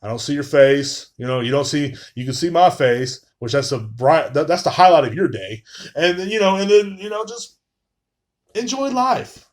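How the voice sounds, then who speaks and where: A man's voice: mid-range voice, expressive, fairly quick. A man hosts a live podcast from a room at home, talking into his phone in a loose, rambling monologue. He swears constantly and keeps circling back with fillers as he chats. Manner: profane, rambling, frequent filler phrases. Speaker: podcast host.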